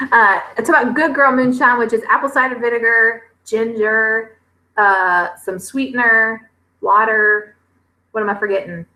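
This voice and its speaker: A woman, chatting casually on a livestream and reading viewers' comments aloud, with lots of fillers and pauses. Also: fairly high pitch, bright, forceful tone, low-quality recording. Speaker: homestead vlogger hosting a livestream.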